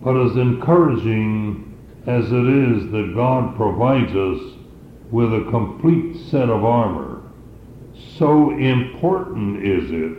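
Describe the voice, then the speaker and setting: A man delivers a sermon at a deliberately slow pace, leaning on and repeating key phrases. His voice sits in a roomy, echoing space. The recording is dull and lo-fi, with a faint hiss underneath. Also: lowish voice, animated. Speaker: preacher.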